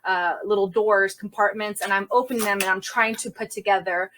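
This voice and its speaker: Woman CSI as podcast guest, mid-pitched, recounting a scene in a vivid, self-correcting conversational telling. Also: fairly even intonation, a bit bright, slight background noise. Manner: vivid retelling, quick restarts and self-corrections. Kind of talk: personal storytelling in conversation.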